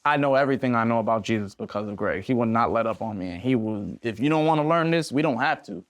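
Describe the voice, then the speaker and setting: A man's voice: mid-range voice, quick pace, no room sound. Young man, casual storytelling, slangy, acts out voices, dry close sound. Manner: animated, slangy, acts out voices in his stories. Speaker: podcast guest, independent musician.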